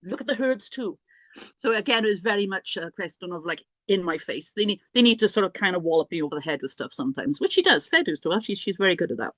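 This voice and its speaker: A woman's voice: lowish voice, animated, quick pace, hardly any pauses, fairly bright tone, no echo. A middle-aged woman, a priestess and healer, telling a personal story in a chatty, self-mocking way with many restarts and asides.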